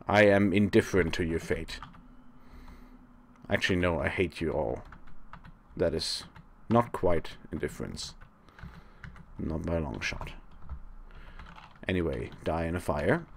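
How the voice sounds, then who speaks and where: Let's play host, male, deep and slow-spoken, dry sarcasm, rambles while he plays, faint hiss behind. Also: vocal fry. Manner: sarcastic, talks to the monsters; rambling, thinks aloud. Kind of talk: live gameplay commentary.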